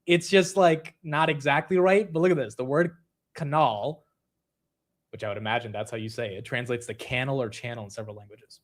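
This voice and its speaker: A young man hosting a casual livestream, laughing at himself and reacting quickly to the chat. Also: medium pitch. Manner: animated, self-mocking, reacting to chat. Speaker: livestream host.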